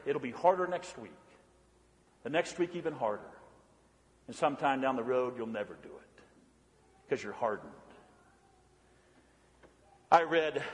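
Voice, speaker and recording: A man preaching a sermon, emphatic and repetitive, swinging between loud declarations and hushed lines. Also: a little high. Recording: long hall reverb.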